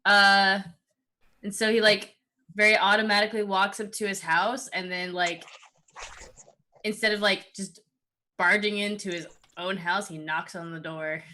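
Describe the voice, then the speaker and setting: A woman playing a tabletop game, describing her character's actions in a halting, casual way. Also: mid-range voice, steady tone, pushed and bright. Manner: halting, full of fillers. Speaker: player. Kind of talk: casual play narration.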